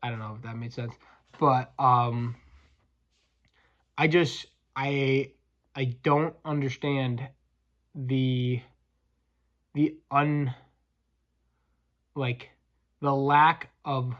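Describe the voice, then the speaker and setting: A man's voice: a little high, a bit bright, muffled recording. A man hosting a podcast, ranting crudely and combatively with frequent stumbling restarts. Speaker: podcast host, welder. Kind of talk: profane comedic rant.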